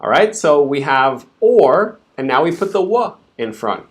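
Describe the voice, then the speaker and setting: A man's voice: a little high, very animated, a little slow, few pauses. A man teaching English pronunciation in a live stream, patiently breaking words into sounds and repeating them for learners to copy.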